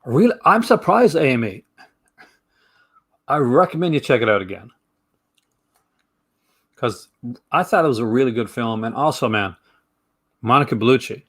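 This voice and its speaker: Male vlog host, film reviewer; chatty, rambling, quick to laugh; mid-range voice. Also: mid-range voice, sing-song, fairly bright tone. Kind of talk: casual chat to camera.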